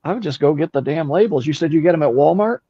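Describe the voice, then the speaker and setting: A curious man in casual chat who keeps asking questions and swears lightly. His voice sits a bit high and sounds dull and lo-fi, with no room echo at all. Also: expressive, quick pace, husky.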